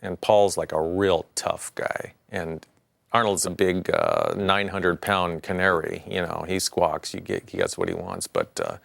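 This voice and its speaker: Very deep-voiced man, unhurried. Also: gravelly, no room sound. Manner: relaxed, drawn-out with fillers. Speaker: production designer. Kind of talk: featurette interview. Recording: interview with music bed. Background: music.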